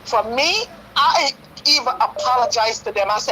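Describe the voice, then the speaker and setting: A woman's voice: on the high side, expressive, moderate pace, hardly any pauses, pushed and bright, a little hiss or hum, low-quality recording. A woman in her fifties calling in to a talk show, pleading and telling a hurtful story at length. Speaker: caller. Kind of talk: call-in radio talk.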